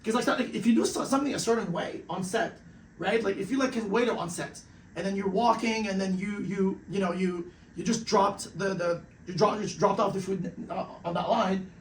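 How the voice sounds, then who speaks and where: High-voiced young man hosting. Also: brisk, far from the mic, slight background noise. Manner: laid-back, slangy, cursing. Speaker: podcast host. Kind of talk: casual podcast chat. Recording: roomy sound from off mic with faint ambience.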